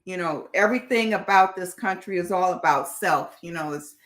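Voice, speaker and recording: A woman speaking as a panelist in a live video conversation, earnest and reflective, pausing often with fillers. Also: fairly low pitch, a bit bright. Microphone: video call.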